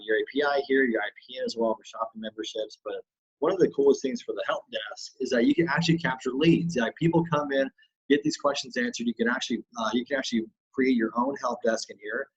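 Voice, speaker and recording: A man giving a chatty, loose screen-share software tutorial as an online business coach, with lots of fillers and restarts. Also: mid-range voice, fairly even intonation, quick pace, breathy edge, muffled recording.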